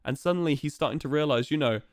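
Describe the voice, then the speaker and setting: A man's voice: a little high, fast, no echo, studio quality. A young man streaming live, chatting casually and playfully to his viewers with lots of fillers.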